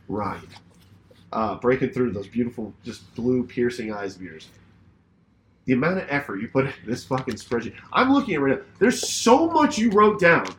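A man co-hosting a casual comedy podcast, exasperated and profane, often sinking into hushed mutters. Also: medium pitch, a little hiss or hum. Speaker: podcast co-host.

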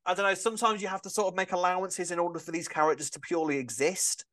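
Chatty man with lively swings. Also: fast talker. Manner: chatty, rambling, many fillers, sudden excited jumps in pitch. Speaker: podcast co-host. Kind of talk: casual chat about a soap opera.

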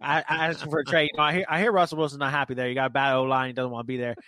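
A man doing an impression of a fast-talking male football team owner, with a mumbling Texas drawl and a pushy, haggling manner. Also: mid-range voice, level tone, sharp tone, a little hiss or hum, natural voice.

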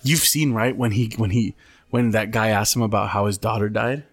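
A man co-hosting a podcast, chatting casually and telling stories in an animated, profane way. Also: on the low side, moderate pace, dry recording. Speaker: podcast co-host. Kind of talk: casual chat.

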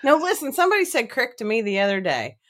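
A woman's voice: on the high side, wildly swooping pitch, fast talker. A woman from Kentucky with an Appalachian accent, hosting a casual chat and laughing often. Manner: laughs often, warm teasing.

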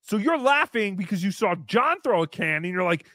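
A man's voice: sits high, very animated, normal speed, a bit bright, no room sound. A male podcast host giving sarcastic, taunting comedy commentary. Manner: sarcastic, taunting, jumps into sing-song mockery.

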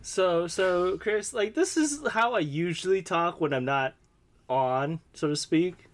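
A man's voice: high voice, animated, takes it slowly. A laid-back man co-hosting a casual podcast chat, chuckling as he talks. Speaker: podcast co-host.

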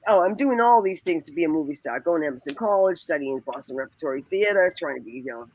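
A woman's voice: deep voice, lively intonation, quick pace, a little mellow, breathy edge, no room sound, rough recording. A woman telling a long personal story in casual conversation, laughing often and quoting people, with many fillers and restarts. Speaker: guest.

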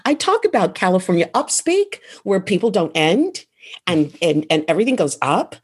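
A woman's voice: lowish voice, very animated, normal speed, breathy edge. A woman who is a voice coach and author, answering interview questions in an emphatic, instructive way and landing her phrases firmly.

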